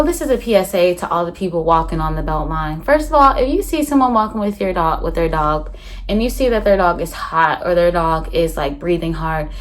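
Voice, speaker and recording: A young woman chatting casually to her phone camera in a rambling vlog, full of fillers. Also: on the low side. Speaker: vlogger. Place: outdoors on a walk, then at home.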